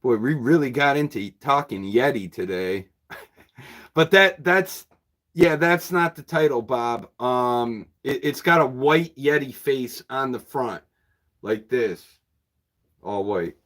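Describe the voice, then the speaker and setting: A man's voice: medium pitch, lively intonation, slow, a bit bright. A man who runs a used bookshop, chatting casually and at a rambling pace with viewers on a livestream, chuckling often.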